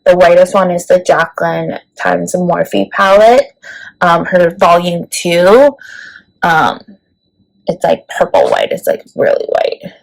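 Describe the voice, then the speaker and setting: A woman's voice: on the low side, very animated, takes it slowly, low-quality recording. A woman beauty vlogger talking casually through a makeup tutorial, chatty and full of "like" and "let me tell you". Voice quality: creaky.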